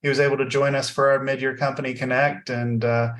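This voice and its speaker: A man hosting a tech podcast in a casual, friendly way, often pausing with fillers. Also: mid-range voice, flat delivery, a bit bright. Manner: friendly, halting, many fillers. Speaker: podcast host.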